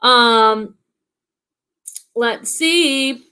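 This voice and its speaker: Upbeat high-voiced woman with slight Boston accent. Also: very slow, sharp tone, smooth. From Boston area. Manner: chatty, upbeat, reads viewer comments aloud. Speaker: livestream host. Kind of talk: casual livestream chat reading comments.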